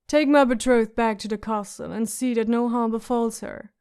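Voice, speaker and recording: A woman reading the part of a brisk, arrogant young prince giving orders in an audiobook. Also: a little high, steady tone, a little mellow, clean tone, natural voice. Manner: brisk, commanding.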